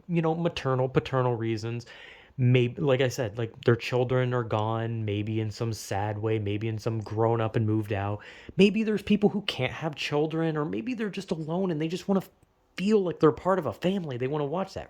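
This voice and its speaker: A young man with a mid-range, slightly mellow voice works as a video essayist, delivering rambling, profane casual commentary. He often stumbles, restarts, and interrupts himself with laughs.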